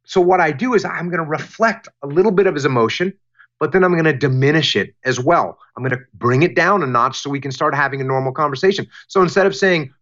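A man answering interview questions about leadership in a deliberate, emphatic way, often repeating phrases for emphasis. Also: a little high, fairly bright tone, dull audio. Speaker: guest, former military leader.

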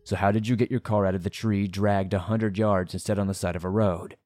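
A man voicing a middle-aged male sheriff who questions an accident victim calmly and pointedly, in a horror story reading. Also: on the low side, a little fast, no echo, close to an everyday voice. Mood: probing. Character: middle-aged male small-town sheriff, probing and measured.

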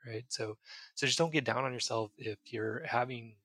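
Earnest man explaining, husky voice. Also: medium pitch, moderate pace, sharp tone, dry recording. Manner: earnest, explains with everyday examples. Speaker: psychiatrist guest. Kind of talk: casual podcast advice.

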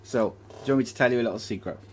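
A man's voice: medium pitch, rapid-fire, darkish tone, slight background noise. A man co-hosting a podcast, chatting casually over drinks and reading out viewer messages in a laid-back way. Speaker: podcast co-host.

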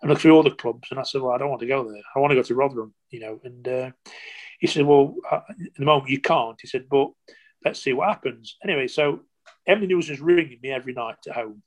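An older man looks back on his football career for an interviewer. He tells it in long, rambling anecdotes, stopping and restarting, and slips into other people's quoted lines. His pitch sits in the middle range for a man. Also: fast. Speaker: former footballer. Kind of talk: interview storytelling.

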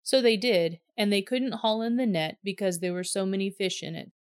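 Woman reader, measured scripted narration, dry close recording, mid pitch. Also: clean tone, no room sound.

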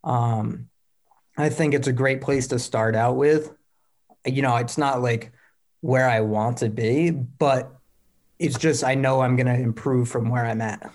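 A man's voice: mid-range voice, steady tone, measured pace, a little mellow. A young man, a competing athlete, answering interview questions in a rambling, upbeat way full of "like" fillers.

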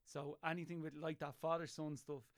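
A young Irish man in casual chat, telling emotional stories with lively energy and frequent laughter. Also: a little high, brisk.

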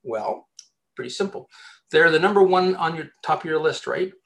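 A man with a slightly raised voice explains job-hunting tactics in a loose, conversational interview. He talks with lively energy, repeating words and restarting sentences as he thinks aloud. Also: fairly high pitch, moderate pace. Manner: animated, chatty, many restarts and repeated words. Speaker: headhunter giving job-search advice. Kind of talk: casual advice interview.

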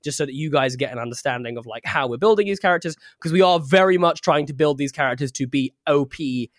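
A man's voice: fairly high pitch, fast talker, dry recording, studio quality. Laughing, playful male podcast host. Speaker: podcast host and dungeon master. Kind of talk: casual podcast chat.

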